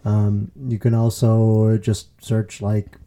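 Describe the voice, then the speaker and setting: A man's voice: lowish voice, monotone, slow, mellow. A man co-hosting a casual faith podcast, rambling with fillers and restarts and laughing easily. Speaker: podcast co-host. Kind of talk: casual chat.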